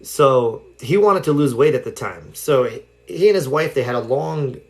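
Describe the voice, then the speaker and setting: A man of middling pitch speaks casually to a livestream audience about self-help. He tells stories loosely, padding them with fillers as he goes. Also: lively intonation, normal speed. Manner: rambling storytelling with many fillers. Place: home livestream.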